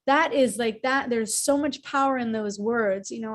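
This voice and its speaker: A woman's voice: fairly high pitch, steady tone, normal speed, hardly any pauses. Upbeat woman hosting a group call. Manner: upbeat, affirming, repeats words while thinking. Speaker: call host. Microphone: video call.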